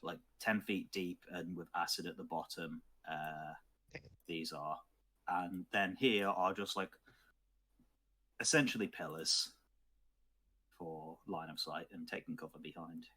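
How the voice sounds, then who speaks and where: Deep slow guy narrating a d&d game, lots of uhs and pauses. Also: sharp tone, slightly rough. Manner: unhurried, thoughtful, with many filler pauses. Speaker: game master.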